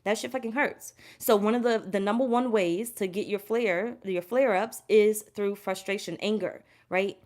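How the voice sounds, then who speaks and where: A woman reading tarot for her viewers in a loose, conversational pep talk. Her voice sits at an ordinary pitch. She talks bluntly, swears freely and says her key lines twice for emphasis. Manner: blunt, emphatic, heavy cursing, repeats herself. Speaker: tarot reader. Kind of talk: casual spiritual pep talk to camera.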